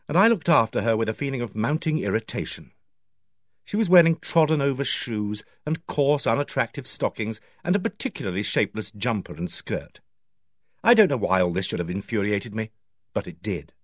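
A man reading an audiobook in the first person, with a measured, wry delivery. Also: medium pitch, no room sound, studio quality. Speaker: audiobook narrator. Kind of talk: audiobook narration.

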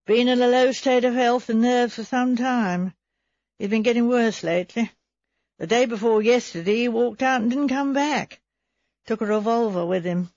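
A woman's voice: a little high, normal speed, darkish tone, dry recording, lightly acted. A woman voicing a plain-spoken male village police sergeant with a homely, apologetic, colloquial manner. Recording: slightly dull recording.

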